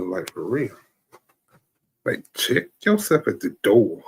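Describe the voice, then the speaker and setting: A man's voice: fairly low pitch, wildly swooping pitch, takes it slowly, long pauses, husky. A man talking in a loose, rambling comedic monologue as a stream host, often checking in with "you know what I'm saying". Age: adult.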